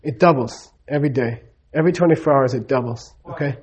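This spiritual teacher, speaking live, talks quickly in a mid-range voice that's darkish with a breathy edge. He keeps it conversational, often checks on his listeners, and voices the characters' lines in his stories himself.

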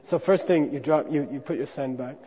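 A high-voiced man teaching monastic debate gives a hands-on class demonstration in a hall, joking and loudly drilling syllables for the class to repeat in call-and-response. He speaks briskly with a slightly rough voice. The recording is dull and the hall is reverberant.

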